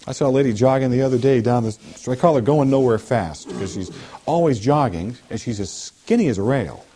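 A man preaching a sermon in an animated way, with humorous asides. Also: medium pitch, a little fast.

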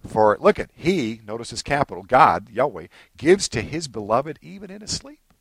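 A man preaching a sermon as pastor, animated, swinging between low asides and high excited bursts and acting out little scenes. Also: normal speed, vocal fry, husky, no echo.

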